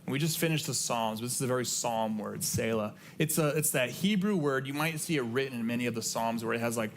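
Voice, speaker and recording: In a church sanctuary, a middle-aged pastor speaks with a mid-range voice at a quick pace, preaching earnestly yet conversationally. He repeats key phrases to drive them home, with a bit of background noise audible.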